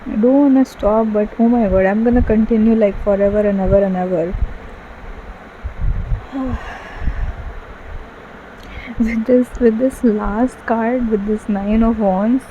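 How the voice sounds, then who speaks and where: A woman talks through a tarot reading in a gushing, emotional way, stacking up fillers and tearing up at times. Her voice sits at a middle pitch with a very dark, mellow tone. The recording is a little dull, with a faint hum behind her. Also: fairly even intonation, moderate pace, few pauses. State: tearful at times. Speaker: tarot card reader. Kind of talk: casual tarot reading monologue.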